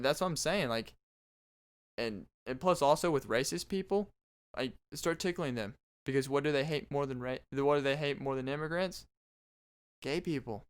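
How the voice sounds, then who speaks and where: A man's voice: medium pitch, fairly bright tone, smooth. Rambling young man doing comedy talk. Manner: rambling, restarting, joking. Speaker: podcast host. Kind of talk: comedic monologue.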